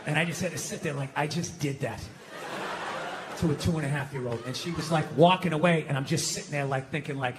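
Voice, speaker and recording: A man's voice: fairly high pitch, quick pace, a little hiss or hum. A middle-aged man with a Boston accent doing a profane, self-mocking stand-up rant, acting out the voices of the people in his story. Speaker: stand-up comedian. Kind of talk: stand-up comedy routine.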